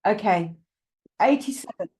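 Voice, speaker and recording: A woman's voice: medium pitch, expressive, measured pace, darkish tone. Brief: woman, live-stream host with a slight cough, rambling and friendly, greets viewers by name. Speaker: psychic medium hosting a live stream. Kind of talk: casual live-stream chat.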